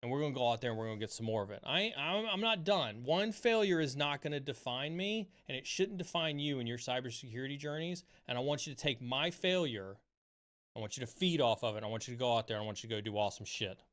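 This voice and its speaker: A man's voice: medium pitch, expressive, quick pace, a bit bright. Fired-up man giving a pep talk. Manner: impassioned, swears freely, repeats phrases for emphasis. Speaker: streamer host. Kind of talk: motivational livestream talk. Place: home streaming setup.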